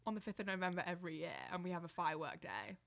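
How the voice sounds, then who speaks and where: Bright, giggly young English woman. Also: lowish voice, rapid-fire, vocal fry. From England. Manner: chatty, giggly, animated storytelling. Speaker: guest. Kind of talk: casual chat. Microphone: podcast mic.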